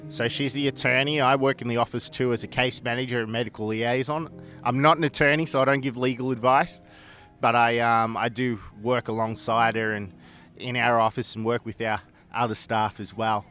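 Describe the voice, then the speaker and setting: Man, mid-pitch, plain-spoken, relaxed interview answers. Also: normal speed, soft background music. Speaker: boxer and case manager.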